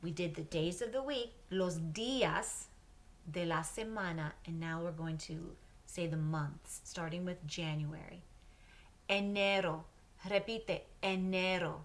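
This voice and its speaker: A woman teaching Spanish to children, patiently saying words and pausing for her class to repeat them, mixing English and Spanish. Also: lowish voice. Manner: patient, pauses for repetition. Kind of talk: slow drill lesson for children.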